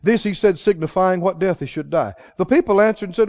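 A man preaching a sermon dramatically, asking the congregation questions and swinging between loud exclaims and hushed lines. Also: sits high, a little fast, few pauses. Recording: dull lo-fi sound.

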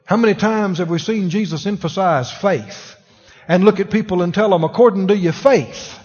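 A man's voice: sits high, moderate pace, darkish tone, husky. A man preaching a conversational sermon, asking the congregation questions as he teaches. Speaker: pastor. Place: church sanctuary. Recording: dull lo-fi recording in a long-reverb hall.

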